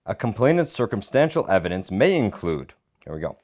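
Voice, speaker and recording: A man's voice: on the low side, a little fast. A man co-hosting a podcast, arguing heatedly about a court ruling and reading it aloud, swearing often. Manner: animated, swears a lot, insistent. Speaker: podcast co-host, lawyer.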